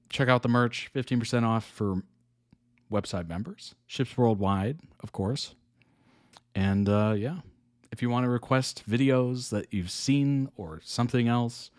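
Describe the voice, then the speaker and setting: Male reaction host, low voice, unhurried delivery, effusive and giggly. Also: darkish tone, no room sound. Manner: laughs a lot, effusive and upbeat. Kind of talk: casual reaction commentary.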